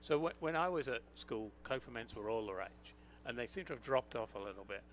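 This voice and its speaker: A man's voice: medium pitch, lively intonation, a little fast, a little hiss or hum. A man guest on live radio explaining a wine in a chatty way, with many fillers. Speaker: winemaker guest.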